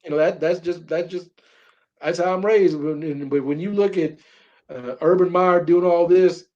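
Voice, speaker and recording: A man's voice: a little high, normal speed, dark tone, lo-fi sound. A middle-aged man co-hosting a sports talk show, talking emphatically and repeating words when he gets fired up. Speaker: sports radio co-host.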